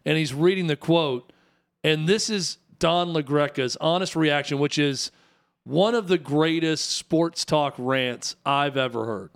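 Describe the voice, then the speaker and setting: A man's voice: a little high, a little slow. Chatty male sports radio co-host. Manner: chatty, amused, explains context. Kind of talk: casual sports talk.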